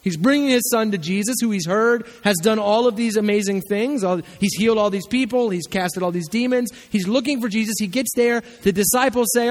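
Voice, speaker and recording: A man's voice: high voice, a little fast, few pauses, long reverb tail. A male pastor preaching a sermon, telling the story with animation and acting out the voices of the people in it.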